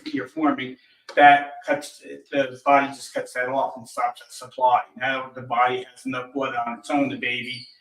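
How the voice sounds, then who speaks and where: A man's voice: medium pitch, a bit bright. Man telling his story from a distance, roomy sound. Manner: retells dialogue with lots of "he goes". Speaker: guest. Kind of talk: casual storytelling.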